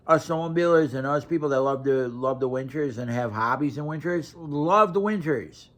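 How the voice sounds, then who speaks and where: A man's voice: fairly high pitch, expressive, moderate pace. A young man from Wisconsin, ranting casually to camera with blunt, profane talk and lots of restarts. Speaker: vlogger.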